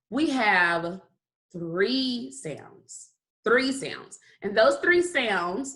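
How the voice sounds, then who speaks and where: A kindergarten teacher woman leading a phonics lesson for little kids, slow and careful in her delivery. Her pitch sits in an ordinary middle range, and she stretches out each letter sound so children can copy it. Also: a bit bright, rough recording.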